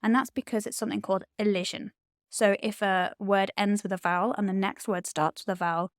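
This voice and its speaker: A woman's voice: mid-range voice, a little mellow, no room sound, clean studio sound. A woman Latin tutor, explaining poetry in an enthusiastic, chatty way with frequent ums.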